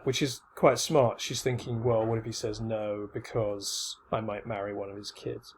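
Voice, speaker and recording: A middle-aged man giving a casual recorded lecture from slides, talking loosely with many fillers and restarts. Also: medium pitch. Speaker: teacher.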